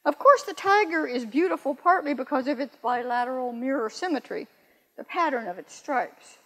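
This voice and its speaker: An older woman poet giving a lecture, reading verse slowly and adding wry, self-correcting asides. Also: high voice, expressive, sharp tone. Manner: measured, slows down to read verse aloud. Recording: long reverb in a hall.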